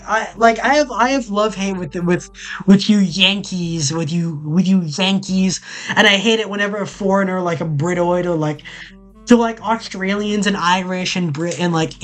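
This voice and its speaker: A man's voice: high-pitched, a bit bright. A man streaming a casual chat, rambling and joking with many restarts and frequent laughs, from the southern United States.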